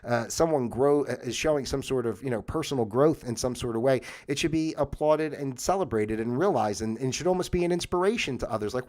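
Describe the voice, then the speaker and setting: Guy talking on a livestream, medium voice, lots of ums and restarts, kinda thinking out loud. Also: medium pitch, quick pace. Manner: rambling, reflective, many fillers and restarts. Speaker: host. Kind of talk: casual livestream monologue.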